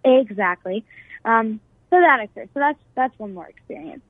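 A woman's voice: a little high, animated, moderate pace, no echo, narrow, tinny audio. Young woman telling her story over a phone. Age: young adult. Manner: earnest storytelling with many fillers and restarts. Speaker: guest. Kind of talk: personal account on a talk show.

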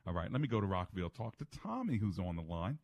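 A man's voice: low voice, sing-song, quick pace, a little mellow. A man hosting a call-in radio talk show, folksy and affirming with his callers.

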